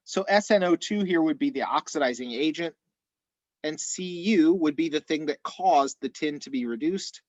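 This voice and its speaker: A man teaching chemistry in an online class, explaining methodically step by step, his voice a little hoarse. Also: fairly high pitch, moderate pace, dry recording, lo-fi sound. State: slightly hoarse. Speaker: chemistry instructor.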